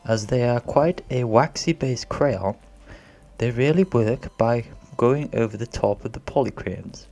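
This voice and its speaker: A man's voice: medium pitch, a little slow, warm tone. Man in a put-on posh British accent. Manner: hesitant, rambling, self-conscious, winging it. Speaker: art tutorial narrator. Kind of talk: voice-over drawing tutorial.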